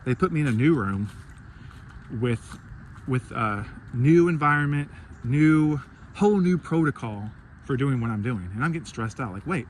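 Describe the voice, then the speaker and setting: A man's voice: mid-range voice, animated, moderate pace, a little hiss or hum. A man telling a rambling, profane story about his day, acting out his own reactions in a casual vlog.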